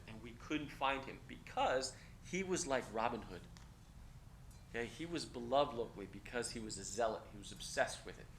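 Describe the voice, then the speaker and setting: Energetic male lecturer in an echoey classroom. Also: mid-range voice. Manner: energetic, conversational, frequent "okay?" check-ins. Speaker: college instructor. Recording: echoey classroom with faint noise.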